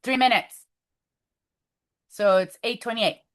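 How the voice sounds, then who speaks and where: Bright, high-voiced upbeat woman coaching. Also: slow. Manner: upbeat, coaching, breaks into excited affirmations. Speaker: team leader. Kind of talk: motivational team call.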